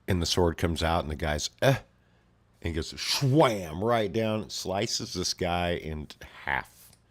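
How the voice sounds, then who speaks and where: With a low voice and a slightly slow delivery, a man casually retells a violent comic story. He swears freely and packs it with sound effects.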